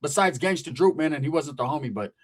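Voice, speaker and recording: Comic storyteller, man in his forties from California, rapid and raunchy, acts out every character. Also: a little high, husky. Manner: profane, animated, acts out voices. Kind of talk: comedic storytelling.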